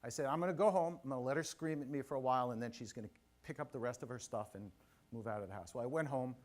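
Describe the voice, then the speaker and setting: Middle-aged man, keynote speaker, animated storytelling, live audience asides, mid pitch. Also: rapid-fire. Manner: animated, audience-engaging, personal anecdotes with asides. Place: conference stage before a live audience.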